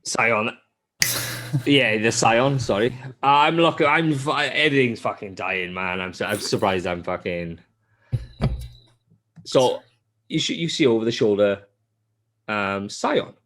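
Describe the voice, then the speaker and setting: A man's voice: measured pace, pauses often. A man hosting a podcast, telling a game's story in casual chat, swearing often and mimicking characters. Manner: animated storytelling, heavy swearing; acts out character lines in a high voice. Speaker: podcast host.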